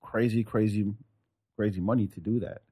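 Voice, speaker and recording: A man's voice: lowish voice, steady tone, moderate pace, warm tone, husky. A man from Africa hosting a podcast, chatting in an easygoing, teasing way and often laughing. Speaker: podcast host. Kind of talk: casual podcast banter.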